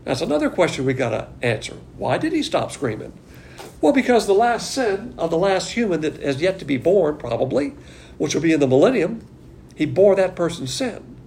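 Gravelly man teaching a Bible study. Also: sits high, sing-song, fairly quick, a little mellow, a little hiss or hum. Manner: emphatic, conversational, with rhetorical questions.

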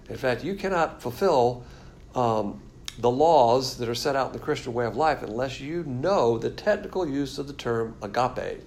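A man's voice: medium pitch, a little hiss or hum. A man teaching a Bible lesson from diagrams, explaining in a blunt, emphatic way.

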